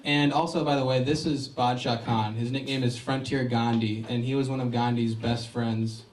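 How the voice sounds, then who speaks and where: A man's voice: medium pitch, fairly even intonation, moderate pace, distant mic. A man making casual, self-deprecating remarks with laughter in his voice. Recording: echoey room, off-mic, faint ambient noise.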